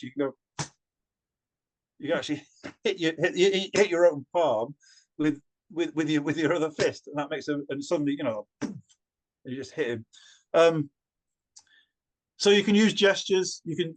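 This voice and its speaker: A man who works as a storyteller, answering interview questions in an animated way with many repeated words and restarts. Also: on the high side, a little fast, pauses often.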